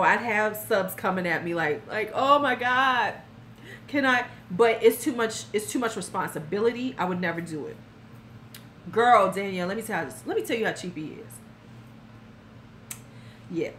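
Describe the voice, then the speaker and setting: Woman, fifties, live-stream host, blunt, animated, lively pitch. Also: slight background noise. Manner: frank, blunt and animated, addressing viewers by name. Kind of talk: casual live-stream storytelling.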